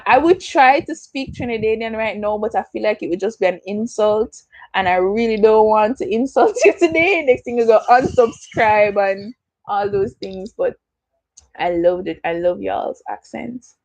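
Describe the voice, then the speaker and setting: A young Jamaican woman talks through a casual livestream Q&A, chatty and direct, slipping into patois as she answers viewers. Her voice sits at an ordinary middle pitch for a woman. The sound is close and dry, with no room around it. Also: normal speed, darkish tone, no room sound. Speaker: YouTuber hosting a livestream Q&A.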